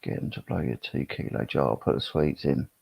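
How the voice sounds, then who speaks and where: A middle-aged man with a very deep, gravelly, husky voice and a darkish tone chats casually on a live stream. He rambles and reads chat comments out at a moderate pace. The lo-fi sound is dull and has no echo.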